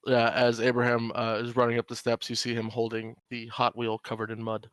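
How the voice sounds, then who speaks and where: A man narrating as game master of a tabletop horror game, talking in halting stretches with many fillers. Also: medium pitch, monotone, a bit bright, clean tone, no room sound. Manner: halting, full of fillers and restarts.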